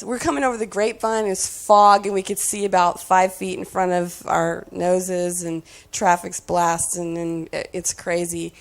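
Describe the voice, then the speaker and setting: A middle-aged woman telling a family road-trip story in an animated way, acting out the kids' shouting and laughing along. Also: on the low side, gravelly. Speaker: speaker sharing family stories. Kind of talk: storytelling talk.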